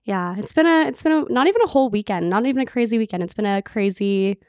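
A woman in her twenties co-hosting a podcast in casual chat, reacting with quick, incredulous interjections. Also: mid-range voice, animated, darkish tone, no room sound, studio quality. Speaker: podcast co-host.

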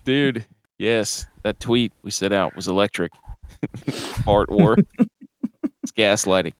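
A man with a low, smooth, resonant voice hosts a casual sports podcast with his friends. He talks slowly and laughs often as he leads each segment. The sound is dry and close. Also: dry recording. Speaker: podcast host. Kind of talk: casual chat.

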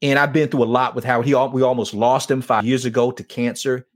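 A man with an ordinary middle-pitched voice tells an emotional personal story on a faith talk show. He speaks earnestly and acts out the exchanges as he goes. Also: flat delivery, fast talker. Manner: earnest storyteller acting out dialogue. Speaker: show host and men's ministry leader.

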